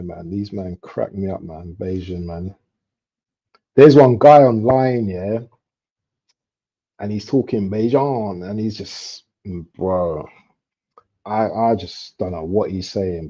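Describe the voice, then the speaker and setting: Brief: young male streamer, low, mellow and husky, excitable about chances, lo-fi mic. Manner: slangy, excitable outbursts at chances. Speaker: football watchalong streamer. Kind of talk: casual live commentary chat. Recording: dull lo-fi stream audio.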